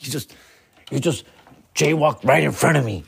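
A man's voice: medium pitch, normal speed, gravelly, husky, dry recording, pitched above the performer's own voice, exaggerated voice. A man voicing a pushy, easily offended male cop who stammers and barks orders. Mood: indignant. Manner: shouting, stammering, indignant.

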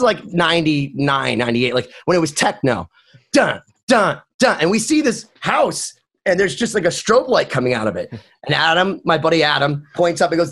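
Man, slightly high voice, animated storyteller, casual podcast talk. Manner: lively storyteller, swings pitch for quoted friends.

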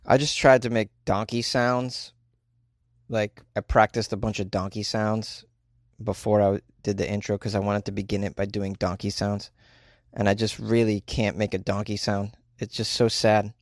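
A man's voice: fairly low pitch, flat delivery, moderate pace, no room sound, studio quality. A man hosting a comedy news podcast, rambling and joking in a playfully exasperated way, recorded in a small bedroom closet. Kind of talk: casual comedic monologue.

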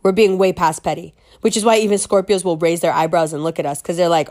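A woman's voice: fairly low pitch, fairly even intonation, fast, few pauses, darkish tone. A woman ranting casually to camera, brash and sassy, swearing freely and laughing at her own jokes.

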